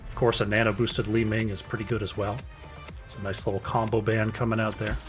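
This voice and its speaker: A man's voice: lowish voice, level tone, brisk, soft background music. A man casting an esports draft solo, chatty and casual, talking to his chat between picks. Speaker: esports caster.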